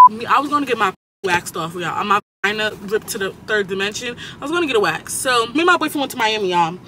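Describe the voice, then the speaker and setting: A young woman in her late teens, vlogging while she drives, rambling and cursing through an animated story time. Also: a little high. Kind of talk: casual story-time chat while driving. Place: inside a car on the road. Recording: car with loud road noise.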